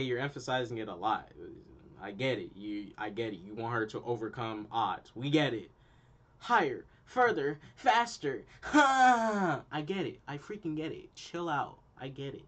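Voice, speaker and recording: Young man ranting in slang. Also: medium pitch. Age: young adult. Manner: animated, repetitive, slangy. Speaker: channel host. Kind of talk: casual opinion rant.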